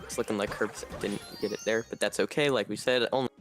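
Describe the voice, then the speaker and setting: A man giving relaxed live commentary on a speedrun race, explaining the tricky parts. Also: lowish voice, fast talker, music in the background. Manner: explanatory, relaxed, laughs easily.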